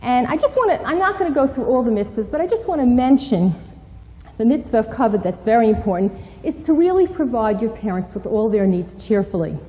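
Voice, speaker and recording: A woman lectures young people on respect for parents, in an animated, instructive way. Her voice is fairly high and very lively, with a mellow tone. A long hall reverb trails behind her. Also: brisk, highs cut off. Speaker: parenting speaker. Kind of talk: lecture with role-play.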